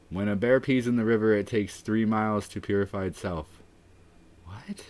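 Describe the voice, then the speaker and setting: Low-voiced tired man rambling on stream. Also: steady tone, normal speed, darkish tone. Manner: rambling and self-deprecating, trailing off with "I don't know". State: tired and dry-mouthed from the heat. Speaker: livestream host. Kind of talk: casual livestream chat, reading chat aloud.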